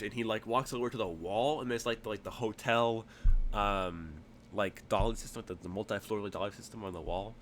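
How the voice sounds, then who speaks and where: A man's voice: fairly low pitch, fairly quick, fairly bright tone, slight background noise. A man narrating as game master of a tabletop game in a loose, rambling way full of fillers.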